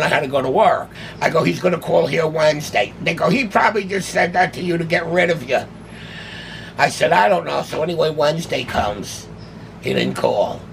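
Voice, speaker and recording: A man's voice: a little high, vocal fry, a little hiss or hum. An older man, telling a long story casually and acting out the dialogue as he goes. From New York City. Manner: animated, acts out quoted dialogue. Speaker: guest, autograph collector.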